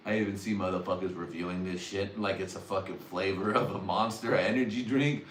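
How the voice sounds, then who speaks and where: His low, slightly bright voice moves at normal speed through crude livestream stand-up, full of swearing and self-amused laughter. There's a little hiss or hum, and the sound is roomy, distant from the mic, with faint ambience.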